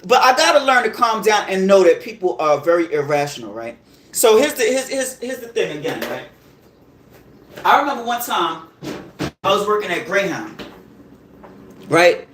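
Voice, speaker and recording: Animated man ranting in a roomy space. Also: high voice, moderate pace, pauses often, a little hiss or hum. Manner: animated, heated ranting with profanity and repeated "right?". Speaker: podcast host. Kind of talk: casual storytelling monologue. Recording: roomy echo.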